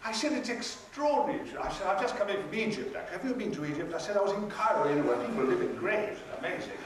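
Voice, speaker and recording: A man's voice: high-pitched, animated, fast, a crowd in the background. An older man telling a wry, theatrical story as a convention panel guest, acting out the other people's lines. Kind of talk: anecdotal storytelling. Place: convention hall. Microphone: audience recording from far off. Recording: echoey hall recorded from a distance with noise.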